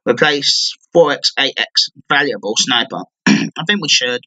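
Young guy narrating his game, keeps clearing his throat, slow but bouncy voice, bright tone. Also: mid-range voice. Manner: frequent throat clearing, excited outbursts. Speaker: gamer streamer. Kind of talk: live gameplay commentary.

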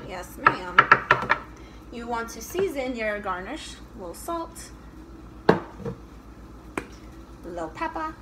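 Playful high-voiced woman in a noisy kitchen. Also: very animated, slow, pauses often. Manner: playful, sings silly chopping chants, swears casually. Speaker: comedian cooking vlogger. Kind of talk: casual cooking vlog. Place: home kitchen.

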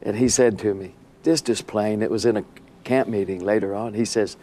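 A man telling an animated story as a guest on a TV interview. He laughs often and acts out the scenes. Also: fairly low pitch, normal speed.

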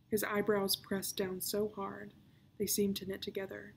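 Gravelly-voiced woman reading a story aloud. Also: medium pitch, monotone, unhurried, a little hiss or hum. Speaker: children's librarian. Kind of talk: reading a children's novel aloud.

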